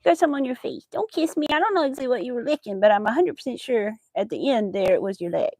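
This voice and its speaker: A woman's voice: a little high, animated, racing, darkish tone, no echo. A woman crochet vlogger chatting casually to her viewers and her dog, cooing baby talk at the pet.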